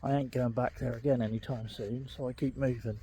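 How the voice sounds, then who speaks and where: A middle-aged man in pain talks candidly while walking his dog along a country lane. His voice is mellow and his speech rambles, full of ums. An earbud mic picks him up, with faint outdoor ambience behind. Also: mid-range voice, fairly even intonation, brisk, slight background noise. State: in pain, limping. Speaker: vlogger. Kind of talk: casual walking vlog.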